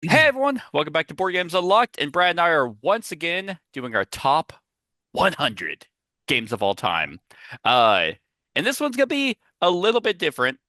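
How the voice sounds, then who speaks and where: A man's voice: a little high, big pitch swings, normal speed, sharp tone, no room sound. A man hosting a podcast in casual chat, rambling and chatty with lots of asides, talking on a headset. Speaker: podcast host.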